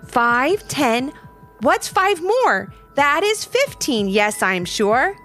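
A woman's voice: high-pitched, very animated, drawn-out words, pitched above the performer's own voice, exaggerated voice. A woman voicing a confident, eager young schoolgirl in a children's storybook reading, over faint music. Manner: bright, eager, proud.

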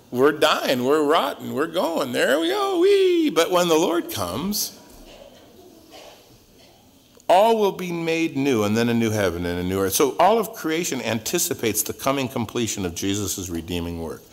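A male pastor teaching through a Bible passage verse by verse in a relaxed, joking, conversational way, his voice swinging up and down. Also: creaky. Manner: conversational and joking, with wide swings in pitch and loudness.

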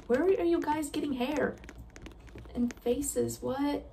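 A woman chatting casually while playing a game, self-deprecating and quick to giggle at her own mistakes. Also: high voice, gravelly, dark tone, recorded from a distance, a little hiss or hum. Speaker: gamer reacting to a game. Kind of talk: casual gameplay commentary.

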